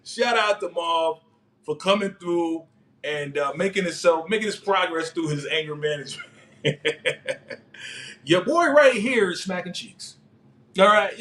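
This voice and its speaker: A man hosting a casual live recap of a TV episode, excitable, laughing often and talking in heavy street slang. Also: on the high side. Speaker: TV show recap host.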